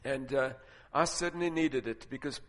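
A man preaching a sermon, telling stories and building to loud, emphatic points. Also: mid-range voice, normal speed. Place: large auditorium with audience. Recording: long reverb of a large hall.

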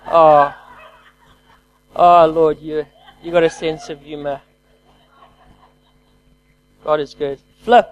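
High-voiced energetic male preacher. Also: slow pace, pauses often, muffled recording. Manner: energetic call-and-response preaching; swings from loud to quiet. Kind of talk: sermon.

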